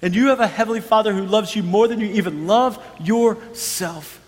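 A man's voice: high voice, moderate pace, big-room sound. A man in his thirties, a pastor, preaching a sermon with earnest storytelling and emphatic repetition.

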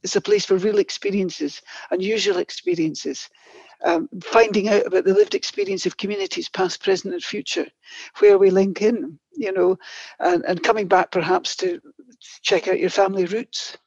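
A woman historian with a Scottish accent, telling stories in an expressive, chatty way as an interview guest. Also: medium pitch, normal speed, vocal fry, no room sound. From Scotland. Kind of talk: animated storytelling interview answers. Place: office in Orkney. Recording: dull, dry lo-fi audio.

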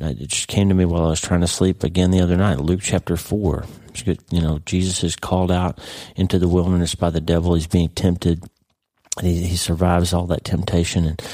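A middle-aged man hosts a casual devotional podcast with a very low, mellow voice. He rambles earnestly and often restarts his sentences. The sound is dry and close. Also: no echo. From United States. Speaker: podcast host.

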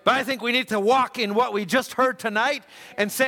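A man preaching a sermon at a church service, emphatic and repetitive, building to shouts. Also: very high voice, steady tone, a little fast, hardly any pauses. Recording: church hall with long reverb.

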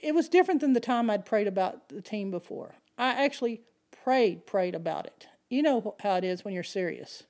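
A middle-aged woman preaching a sermon, telling a personal story in an animated way. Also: medium pitch, moderate pace, hardly any pauses.

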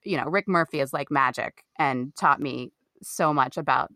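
Actor guest, middle-aged woman from the Midwest, slightly low, bright and forceful, emphatic and candid, close dry sound. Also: moderate pace, no room sound. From American Midwest. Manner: animated, emphatic, swears freely. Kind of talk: candid storytelling in an interview.

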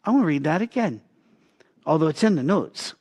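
A middle-aged man, a pastor, preaching a sermon in an earnest storytelling manner with measured pauses. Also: on the high side, lively intonation, a little mellow.

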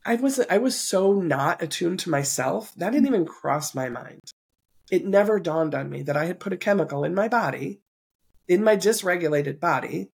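A woman's voice: low voice, creaky, slightly rough. A woman podcast host being interviewed, earnestly and reflectively recounting a personal story. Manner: earnest, reflective, occasional soft laughs.

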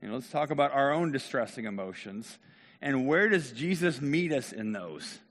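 Man, pastor, conversational sermon, middle pitch, long hall reverb. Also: animated, normal speed, fairly bright tone. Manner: conversational, talks directly to the congregation.

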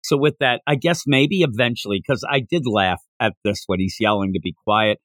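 A man's voice: lowish voice, moderate pace, no room sound, studio quality. A man co-hosting a casual manga podcast, recapping a chapter and acting out the characters' lines as he goes. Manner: animated, acts out characters' lines while recapping. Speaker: podcast co-host.

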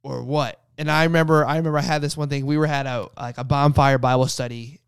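A man's voice: medium pitch, steady tone, fast, vocal fry, clear, resonant tone, dry recording, clean studio sound. A young man co-hosting a casual faith podcast, telling a personal story with lots of restarts. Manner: rambling storyteller with many restarts. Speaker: podcast co-host.

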